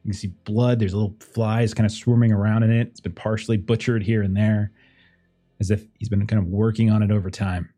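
A man narrating scenes as game master of a tabletop game in a relaxed, descriptive way. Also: on the low side, brisk, faint music behind.

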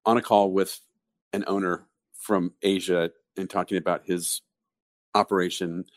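Male podcast co-host, very low voice, dry close sound, explains through stories. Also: flat delivery, moderate pace, no echo. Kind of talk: casual business discussion.

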